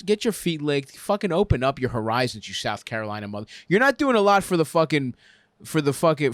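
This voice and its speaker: A man's voice: on the high side, dry recording. A man hosting a comedy advice show, ranting crudely and laughing at his own jokes on a close mic.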